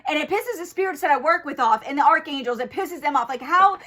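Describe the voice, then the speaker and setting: A woman's voice: sits high, expressive, quick pace, fairly bright tone. A young woman tarot reader giving a casual spiritual reading, blunt and full of swearing, who gets heated. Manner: blunt and profane, grows heated and angry.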